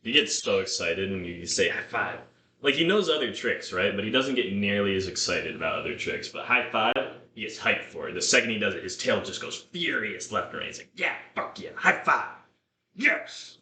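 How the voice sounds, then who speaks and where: A man rambles and swears as he cooks in his kitchen on a live stream, drinking beer and chatting to his dog. His voice is low-pitched but bright and forceful. It sits back from the mic in an echoey room with a faint hum behind it. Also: lively intonation, brisk. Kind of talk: casual live-stream chat while cooking. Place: home kitchen. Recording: roomy kitchen, mic from afar.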